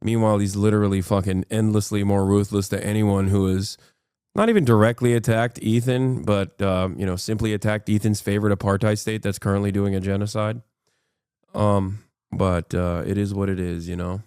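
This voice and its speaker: A man's voice: fairly low pitch, level tone, normal speed, darkish tone, smooth, dry recording, studio quality. A man in his thirties reacting to clips on a livestream, ranting in exasperated disbelief and swearing freely. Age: 30s. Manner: exasperated, profane, incredulous rants. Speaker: streamer.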